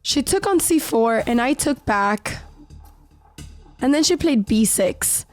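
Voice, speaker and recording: Woman, higher voice, slightly sick, occasional voice cracks, calm chess narration, faint music underneath. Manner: calm, measured storytelling of moves. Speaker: chess player narrating her game. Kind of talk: reflective voice-over narration. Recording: voice-over with faint background music.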